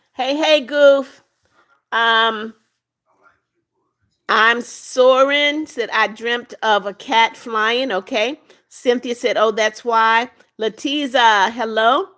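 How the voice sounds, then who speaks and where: A woman with a fairly high, slightly bright voice hosts a casual live stream. She reads viewer comments aloud and gives each a brief, motherly answer.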